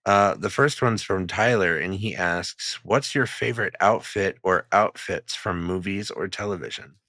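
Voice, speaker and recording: Deep, bright-toned casual male podcaster. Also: normal speed, no room sound, clean studio sound. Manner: casual, swears freely, laughs often. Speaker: podcast co-host. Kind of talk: casual chat.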